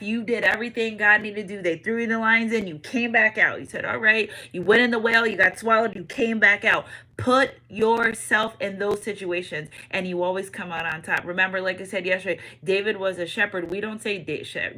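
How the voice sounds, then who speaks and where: Bright-voiced woman giving a tarot reading. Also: mid-range voice, poor audio. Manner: animated, repeats catchphrases, swings from loud to hushed. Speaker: tarot reader. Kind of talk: casual spiritual tarot reading.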